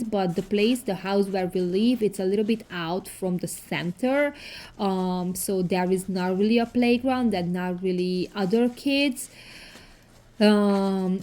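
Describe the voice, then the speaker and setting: A woman in her thirties with a foreign accent, narrating her cleaning vlog in a casual voice-over with halting, non-native phrasing and many fillers. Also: medium pitch, darkish tone. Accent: foreign accent in English. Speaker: cleaning vlogger.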